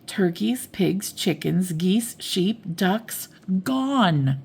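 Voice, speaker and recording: A woman's voice: lowish voice, lively intonation, extremely slow, gravelly, a little mellow, husky, voice pushed up, exaggerated voice. An older woman voicing a fussy female cow with luggage, bossy and insistent.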